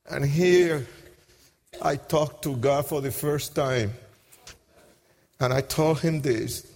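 A man giving an emotional testimony sermon, impassioned, swinging between hushed and shouted lines, with nonstandard grammar. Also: fairly high pitch, steady tone, slow, pauses often. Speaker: preacher giving his testimony. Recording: long hall reverb.

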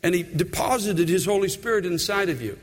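A man's voice: high voice, animated, brisk, big-room sound. A man in his sixties, a pastor, preaching an earnest sermon full of personal stories in a church.

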